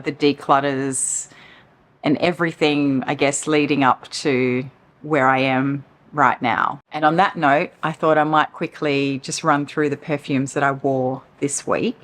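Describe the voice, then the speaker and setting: A woman chatting casually to camera from her couch, rambling and open about her feelings. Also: sits low. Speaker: perfume vlogger. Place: living room, on the couch.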